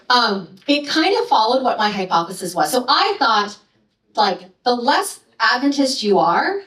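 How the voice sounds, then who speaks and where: A woman presenting her research to an audience in a lecture, chatty and playful, with quick asides. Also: mid-range voice, a bit bright. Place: lecture hall. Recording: echoey hall from a distance.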